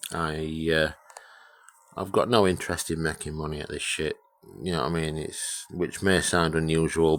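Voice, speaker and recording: A man rambling through a casual workshop vlog about restoring a radio, swearing freely and joking about himself as he gives shout-outs. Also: low-pitched, dry recording. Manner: rambling, sweary, self-deprecating.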